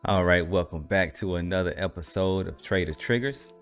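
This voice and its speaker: Man, low voice, show host, relaxed conversational explaining, faint music behind. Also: moderate pace. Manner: relaxed, conversational, says "right?" often. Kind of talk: casual explanatory talk to camera.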